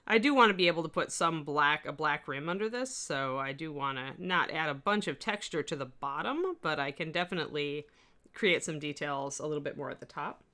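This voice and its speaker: Female instructor, low register, rambling friendly asides, faint West Coast accent. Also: a little fast, pushed and bright. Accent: slight US West Coast. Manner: chatty, rambling asides while working. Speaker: miniature sculpting instructor. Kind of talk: live-stream tutorial chat.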